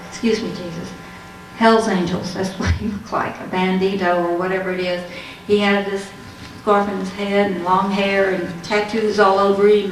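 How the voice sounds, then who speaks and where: A woman's voice: mid-range voice, distant mic, a little hiss or hum. A woman giving a religious testimony talk, telling her story and acting out the dialogue. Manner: storytelling, acts out quoted dialogue. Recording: echoey hall, heard from afar.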